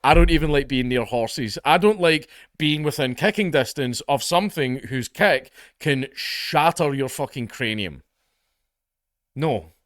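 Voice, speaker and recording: A man's voice: medium pitch, lively intonation, measured pace, a bit bright, no echo, studio quality. A Scottish man hosting comedic news commentary, blunt, profane and exasperated. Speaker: online commentary host.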